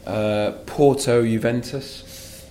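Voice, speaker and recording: A man's voice: mid-range voice, fairly even intonation, takes it slowly, warm tone, slight background noise. A man from England chatting casually about football as a co-host, dry and jokey, reading out club facts. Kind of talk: casual chat.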